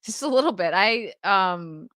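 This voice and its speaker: Female guest, rambling and giggly, mid pitch, bright tone, no room sound. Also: animated, unhurried, dry recording, clean studio sound. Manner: chatty, lots of likes and restarts, laughs easily. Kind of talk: casual livestream chat.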